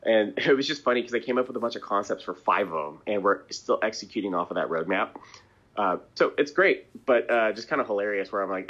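A man's voice: on the low side, animated, fast talker, fairly bright tone. A man talking at length as a guest in a casual interview, rambling and chuckling between thoughts. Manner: rambling, chatty, chuckles and clears throat. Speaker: band member, interview guest. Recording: dull lo-fi audio.

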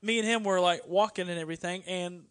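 A man co-hosting a casual podcast, telling an animated story and acting out what people said. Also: high voice, fast talker, smooth, dry recording. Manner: animated storyteller who acts out quotes. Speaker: podcast co-host.

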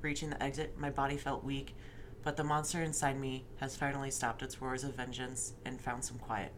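A woman's voice: extremely low pitch, level tone, moderate pace, a little hiss or hum. A woman reading a fan story aloud, with joking asides between passages. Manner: reads aloud steadily, slipping into laughter and swearing at the text.

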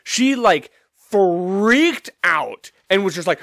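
A man hosts his own podcast in a casual comedic monologue, ranting with profanity and heavy sarcasm. His voice sits a bit high and swings widely in pitch. The sound is dry and close, with no room echo. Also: expressive, moderate pace, bright, forceful tone. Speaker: podcast host.

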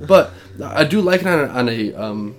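A man's voice: medium pitch, lively intonation, normal speed, a little hiss or hum. A man co-hosting a casual podcast, chatting. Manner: chatty, rambling. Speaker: podcast co-host. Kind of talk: casual chat.

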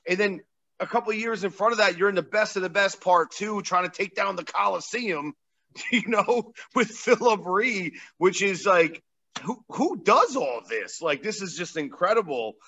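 A man's voice: sits high, expressive, moderate pace, sharp tone. A male podcast host talking in a casual interview, enthusiastic and full of praise, often laughing. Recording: dull lo-fi sound.

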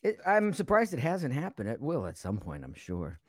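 A man's voice: mid-range voice, huge pitch swings, normal speed, dry recording, clean studio sound. A man voice actor on a panel, joking playfully in casual chat. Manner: playful, jokey. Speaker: voice actor guest.

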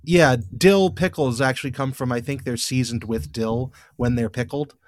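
A man's voice: medium pitch, normal speed, dry recording, studio quality. A man hosting a casual podcast, recapping an episode in a rambling, wry way with lots of fillers and restarts. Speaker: podcast host.

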